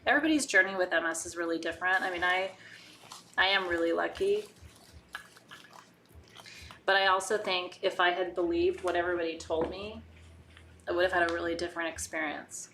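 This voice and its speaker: A woman with a bright, clear voice at an ordinary pitch, teaching in a loose, candid live-stream way. She keeps asking rhetorical questions, tags "right?" onto her points and now and then swears. Faint noise sits under her voice. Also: steady tone, a little fast, pauses often. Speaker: spiritual teacher hosting a live online ritual. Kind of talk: casual live-stream teaching, reading viewer comments.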